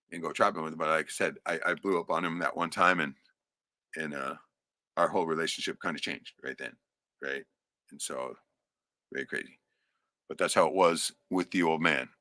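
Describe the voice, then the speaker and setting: A man's voice: deep voice, pushed and bright, no room sound, studio quality. A middle-aged man telling a rambling, profane personal story in casual chat. He laughs often and keeps checking in with "right?".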